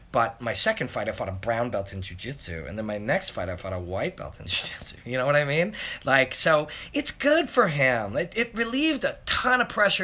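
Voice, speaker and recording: A man's voice: medium pitch, sharp tone. A man in his forties hosting a live Q&A, rambling and self-deprecating as he reads questions out and answers them. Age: 40s. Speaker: host. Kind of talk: live Q&A chat. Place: home, live stream.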